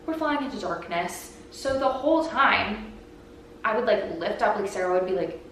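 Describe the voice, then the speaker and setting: A woman's voice: medium pitch, normal speed. A young woman hosting her own vlog and podcast, telling a story casually and animatedly and saying "like" a lot. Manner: chatty, heavy use of "like", animated retelling. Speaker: vlogger and podcast host. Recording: very echoey room, voice from a distance, faint background noise.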